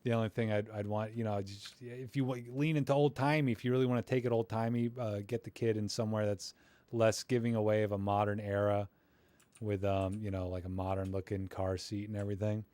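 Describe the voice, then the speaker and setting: A man's voice: lowish voice, steady tone, fairly quick, dark tone, no room sound. A man hosting a live stream where he critiques viewers' photos, talking casually in a rambling, friendly, self-deprecating way with lots of fillers. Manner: friendly, encouraging toward viewers.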